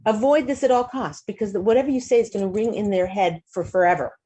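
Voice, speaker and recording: Woman, talk show host, casual advice, animated, laughs often, many restarts. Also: moderate pace, few pauses. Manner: animated, acts out quoted lines in a higher voice.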